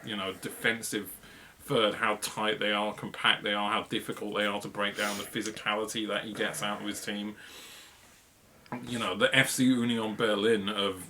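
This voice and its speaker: A man's voice: on the low side, flat delivery, moderate pace, bright, forceful tone, a little hiss or hum. A man co-hosting a football review podcast, chatting casually and rambling with lots of fillers and laughs. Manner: rambling, filler-heavy, laughs mid-sentence.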